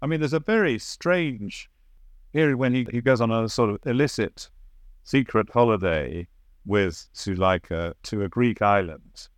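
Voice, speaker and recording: A man's voice: on the low side, a little slow, no room sound, studio quality. A man being interviewed as the author of a biography, answering reflectively and sometimes searching for the right word.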